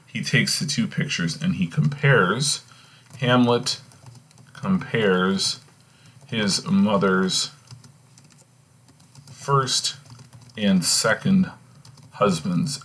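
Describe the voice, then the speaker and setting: A man's voice: low-pitched, a bit bright, husky. A male teacher casually reading and explaining a play in a recorded lesson, often checking in with "okay?". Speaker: English teacher.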